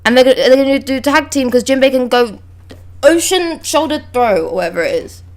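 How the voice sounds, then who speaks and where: Excitable young woman reacting live. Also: sits high, a little fast. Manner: reads dialogue aloud, breaks off with excited exclamations and swearing. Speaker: manga reaction streamer.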